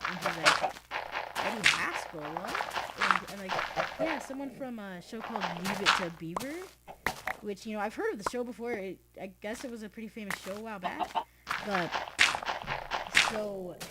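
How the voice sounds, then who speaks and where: A teenage boy rambling through a casual story, full of fillers and restarts, as host of a game video. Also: sits high. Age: teens. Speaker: let's play host. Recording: loud background noise with clicks.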